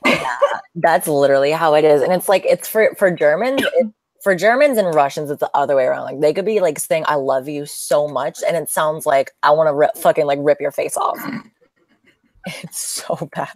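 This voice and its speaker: A woman's voice: deep voice, moderate pace, dry recording. A young woman hosting a casual livestream chat, talking animatedly, laughing a lot and filling her speech with "like". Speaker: host.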